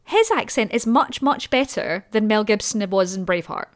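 A woman's voice: mid-range voice, expressive, normal speed. Chatty Scottish woman. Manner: chatty, restarts sentences, laughs often. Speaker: podcast guest, writer. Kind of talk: casual chat.

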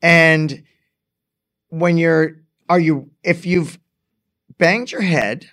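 A man's voice: on the high side, steady tone, very slow, fairly bright tone. A man co-hosting a casual true crime chat, telling the story animatedly and acting out the quoted dialogue. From lives in New York. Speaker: podcast co-host.

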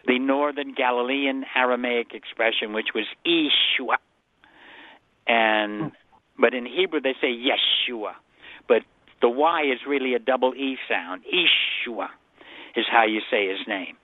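A man's voice: mid-range voice, no room sound. Man, guest scholar, call-in radio, earnest explaining, tinny phone line, dry. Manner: earnest, explanatory, repeats himself. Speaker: guest Bible scholar answering callers.

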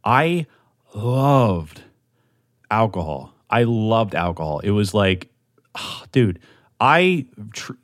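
A man's voice: fairly low pitch, sing-song, extremely slow, pauses often, dry recording, studio quality. A young man hosting a solo podcast, talking in an amped, rambling way with lots of swearing and restarts at a desk mic. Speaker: podcast host.

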